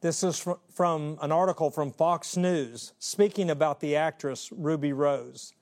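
A man delivering a sermon in a slightly high voice. He preaches emphatically, rising and dropping his volume. He slips into quick acted voices for his stories. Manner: emphatic, shifts between loud and hushed; acts out little voices of God, Satan and his kids.

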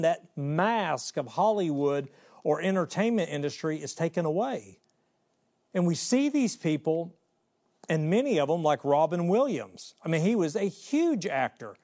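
A man preaching a sermon, emphatic, swinging between raised and hushed delivery and acting out little voices in his stories. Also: fairly high pitch. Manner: acts out little voices of God, Satan and his kids.

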